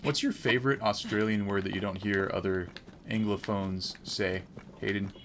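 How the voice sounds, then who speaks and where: A man's voice: on the low side, steady tone, normal speed. A man streaming a game, giving casual, jokey commentary and chatting with his viewers. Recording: clear background noise.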